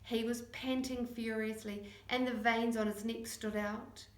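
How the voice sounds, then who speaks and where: A woman narrating a children's chapter book, acting out the dialogue in lively voices. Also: a little high, measured pace. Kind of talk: audiobook reading. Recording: echoey room.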